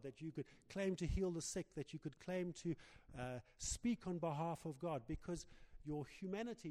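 Halting preacher in a reverberant hall. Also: male voice, on the high side, warm tone. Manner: halting, many restarts and fillers. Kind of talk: sermon. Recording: long reverb of a large hall.

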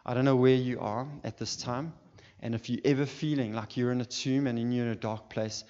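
A male pastor delivers an impassioned sermon that builds to fervent calls to his listeners. His medium-pitched voice is steady, slightly quick, and somewhat dark. The sound is dull, with a long hall reverb.

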